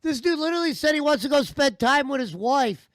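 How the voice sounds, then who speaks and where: A man's voice: extremely high pitch, animated, fairly quick, a bit bright, no echo, clean studio sound. A man giving heated, profane, mocking commentary over stream clips. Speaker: commentary host.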